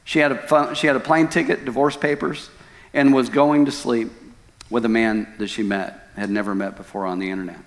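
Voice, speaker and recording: A male pastor preaching a sermon, telling stories dramatically with loud outbursts and hushed lines. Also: mid-range voice, fairly even intonation, a little fast. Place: church sanctuary. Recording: long church hall reverb.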